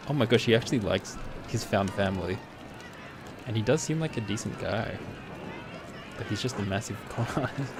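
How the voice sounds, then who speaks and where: A man's voice: on the low side, normal speed, long pauses, noisy background. A man streaming a story game, chatting and reacting to what happens on screen. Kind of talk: let's play commentary and reading game dialogue.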